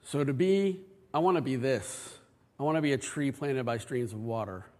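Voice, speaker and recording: A man's voice: medium pitch, normal speed, a little mellow. A man preaching a sermon in a church, talking in an earnest, conversational way with many restarts. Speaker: pastor. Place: church sanctuary. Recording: long reverb of a church hall.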